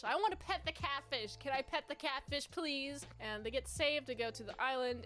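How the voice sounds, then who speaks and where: High-voiced chatty woman reviewing a movie. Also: fairly bright tone. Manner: chatty, playful, rambling. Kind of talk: casual movie review chat.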